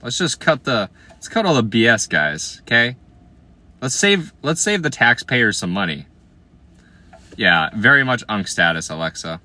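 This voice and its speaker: A man in his twenties from Iowa, chatting casually on a livestream while reading viewer comments, playful and slangy, often trailing off into quiet asides. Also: mid-range voice, very animated, a little slow. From Iowa, USA. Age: 20s.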